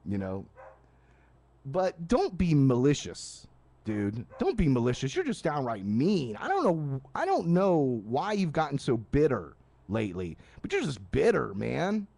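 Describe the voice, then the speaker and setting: Male radio host, late-night live rant, animated pitch, casual and rambling. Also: measured pace, creaky. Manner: animated, casual, frequent restarts and asides. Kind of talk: live ranting monologue. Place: live stream studio at night.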